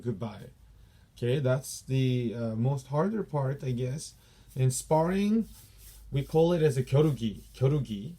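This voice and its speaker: Man, Korean accent, taekwondo instructor, patient repetition, mellow voice. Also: medium pitch, lively intonation. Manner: explains patiently, repeats each term slowly. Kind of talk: teaching Korean dojang terms.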